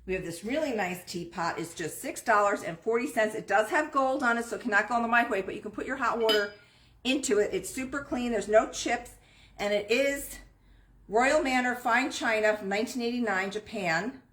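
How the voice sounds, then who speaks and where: A woman's voice: a little high, a little fast, fairly bright tone. A woman hosting a live online sale from an antique shop, chatting her way through items and prices. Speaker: antique shop host selling on a live stream. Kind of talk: live online sales pitch. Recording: roomy echo.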